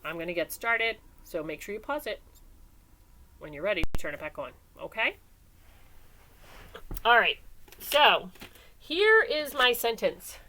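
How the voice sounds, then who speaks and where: A woman teaching a recorded class lesson, animated and sing-song, calling on students by name in a classroom. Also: mid-range voice, unhurried, pauses often. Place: classroom with whiteboard.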